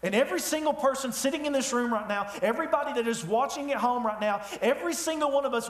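A man preaching a sermon in a church, telling the story with lively humor. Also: very high voice. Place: church sanctuary. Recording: echoey room.

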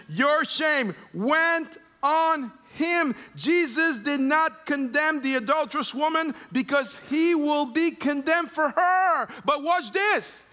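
Slow, high-voiced preaching man. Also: sharp tone. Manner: emphatic, slow preaching with dramatic retold scenes. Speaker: pastor. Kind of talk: sermon.

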